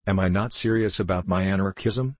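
A man's voice: deep voice, steady tone, a little fast, dry recording, lightly acted. A man voicing a supercilious, sarcastic male anarchist poet in an audiobook reading. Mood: menacing.

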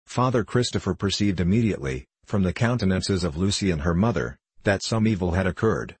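A man narrating a classic novel in a measured, formal reading voice. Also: sits low, expressive, slightly rough, no echo. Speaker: audiobook narrator.

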